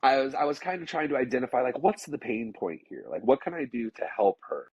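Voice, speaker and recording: A man's voice: mid-range voice, animated, quick pace, a little mellow, breathy edge, no echo, dull audio. A man telling a work story in casual conversation, rambling with many "like"s and restarts.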